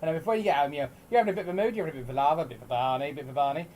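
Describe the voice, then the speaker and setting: A man's voice: fairly high pitch, very fast, a little mellow, slight background noise, natural voice, poor audio. A man voicing a chatty, nosy male troll in a Cockney accent who rambles through gossip in a tabletop game. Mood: gossipy. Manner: rambling gossip, piling up "a bit of".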